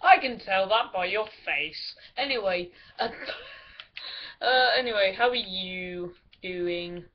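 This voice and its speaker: Giggly woman, slow and lo-fi. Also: medium pitch. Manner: giggly, rambling and crude-joking. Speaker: gameplay commentator. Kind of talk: casual gaming commentary with friends. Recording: lo-fi recording with clear background music.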